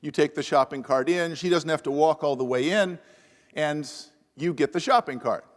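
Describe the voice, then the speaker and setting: Speaking at a moderate pace in a higher-pitched voice, a professor on a panel tells a self-deprecating story with wry humor. He wears a lapel mic in a university event hall, and the large room adds long reverb.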